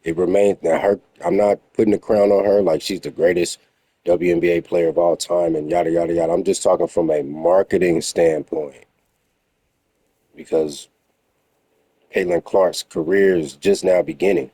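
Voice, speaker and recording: A man's voice: low-pitched, steady tone, normal speed, warm tone, husky. A man giving blunt, emphatic reaction commentary in a lecturing tone.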